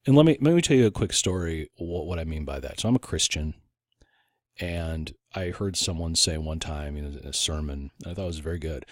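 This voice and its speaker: Lively, expressive male podcast host. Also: very deep voice, a little fast, no echo, clean studio sound. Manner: animated, with frequent restarts and acted-out quotes. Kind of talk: casual opinion podcast monologue.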